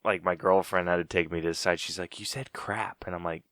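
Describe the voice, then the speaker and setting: Casting note: very deep yet bright male voice, easygoing podcast guest from Utah, laughs a lot. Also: level tone, fast talker, smooth, dry recording, studio quality. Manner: laughing, storytelling. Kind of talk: casual podcast chat.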